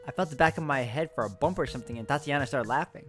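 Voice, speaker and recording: A man's voice: mid-range voice, very fast, a bit bright, faint music behind. A man narrating a story in the first person, plain and casual, with occasional swearing. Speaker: visual novel reader. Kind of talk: reading a story aloud with voices.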